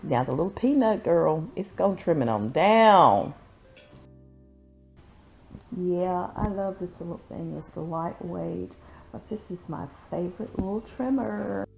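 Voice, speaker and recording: A woman's voice: on the low side, lively intonation, slow pace, creaky, darkish tone, faint music behind. A woman vlogging her routine in a sassy, chatty way, calling viewers honey and y'all. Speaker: beauty vlogger. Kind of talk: casual chatty vlog.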